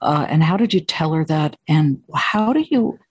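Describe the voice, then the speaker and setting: A woman host with a fairly low, husky voice. She asks friendly, prompting questions. She laughs easily as she talks. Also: animated, moderate pace, darkish tone, no echo, muffled recording. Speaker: podcast host. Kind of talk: casual interview conversation.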